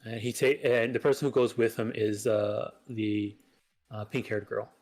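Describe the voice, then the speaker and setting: A man's voice: on the low side, steady tone, moderate pace, a little mellow, faint music behind. A man narrating a tabletop game as game master, rambling, with many filler sounds.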